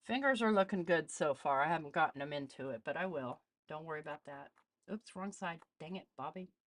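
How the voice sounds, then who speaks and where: Chatty low-voiced woman demoing art supplies. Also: fairly quick, no echo. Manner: chatty, greets live viewers while testing supplies. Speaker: art channel host. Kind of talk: casual live art demonstration.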